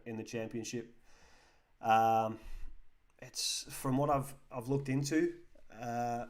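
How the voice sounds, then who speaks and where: A man's voice: medium pitch, a little mellow. An English man hosting a live football chat stream, casually reading out viewer comments and answering them. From England.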